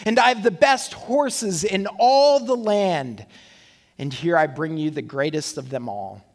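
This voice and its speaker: A man's voice: on the high side, unhurried, in a large hall. A preacher putting on a pompous wealthy man. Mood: boastful. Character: boastful wealthy man seeking favor.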